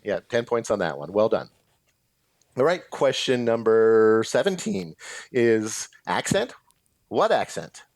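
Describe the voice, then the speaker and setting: A man with a low voice hosts a trivia round, reading each question aloud. He chats on after the answers with extra background. The sound is dry and close. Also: very animated, slow, darkish tone, no room sound. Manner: chatty, adds background facts after answers. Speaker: trivia quiz host.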